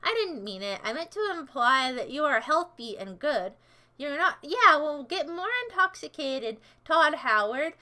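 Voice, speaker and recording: A woman's voice: high-pitched, sing-song, a little slow, bright, forceful tone. A woman livestream host rambling and joking with her chat, teasing viewers and breaking into silly chants.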